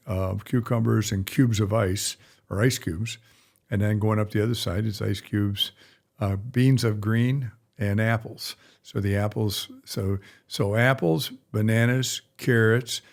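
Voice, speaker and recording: Gravelly, rambling middle-aged man vet. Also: fairly low pitch, a little mellow. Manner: rambling, folksy, blunt. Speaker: veterinarian. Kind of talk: casual podcast chat.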